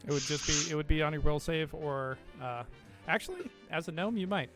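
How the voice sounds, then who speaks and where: A man acting as game master, narrating a tabletop game in a relaxed, amused way. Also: fairly high pitch, brisk, music in the background.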